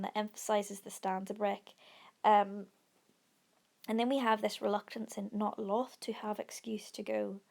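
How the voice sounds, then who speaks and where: A woman teaching a lesson analysing a poem, explaining step by step with frequent pauses and fillers. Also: mid-range voice, creaky, a little mellow. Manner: explanatory, with frequent ums and restarts. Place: recorded over an iPad whiteboard presentation.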